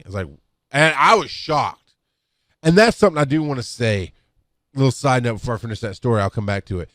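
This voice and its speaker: Animated, fairly quick, and fairly bright in tone, a middle-aged man's mid-range voice relays rambling EMS work stories. As an instructor speaking into a podcast mic, he restarts often and acts out quotes casually; the recording is dry and clean, studio-made.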